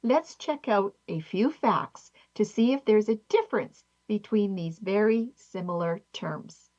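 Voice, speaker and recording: Woman teaching scripture, measured and questioning. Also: medium pitch, animated, a little mellow. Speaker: Bible study teacher. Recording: slightly dull lo-fi audio.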